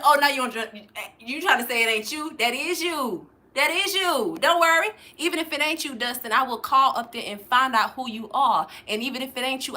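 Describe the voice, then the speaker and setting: A woman, hosting a livestream, reading out chat comments and loudly mocking trolls, cursing freely. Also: high-pitched. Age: 40s. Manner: loud, profane and mocking, calling out trolls. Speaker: livestream host.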